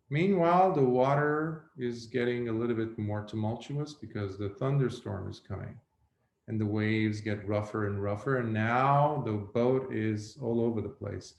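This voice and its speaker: A Buddhist monk giving a reflective dharma talk, telling a story slowly with pauses. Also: male voice, medium pitch, gravelly, a little mellow. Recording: roomy echo.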